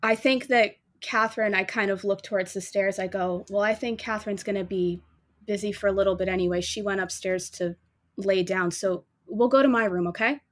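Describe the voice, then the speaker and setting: A woman playing in a tabletop horror game, casually narrating her character's gentle, caring actions. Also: mid-range voice, brisk. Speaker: player. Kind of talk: tabletop role-play.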